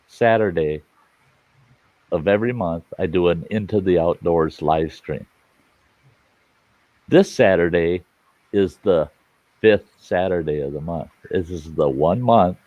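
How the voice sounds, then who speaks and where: A man with a low voice hosts a casual live chat and tells bawdy jokes. The sound is dry and a little dull, like lo-fi stream audio. He chuckles at his own punchlines. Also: darkish tone, no room sound.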